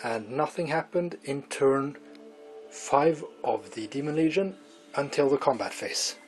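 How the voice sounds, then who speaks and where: A man's voice: medium pitch, animated, measured pace, a little mellow, low-quality recording. A man hosting a tabletop wargame battle report, recapping each turn and questioning his co-player. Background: music.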